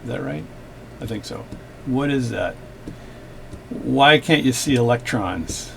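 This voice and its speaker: Gravelly man chatting at a workbench. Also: medium pitch, lively intonation, slow pace, fairly bright tone, slight background noise. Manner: rambling, joking asides. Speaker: watch repair video host. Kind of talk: casual workbench chat.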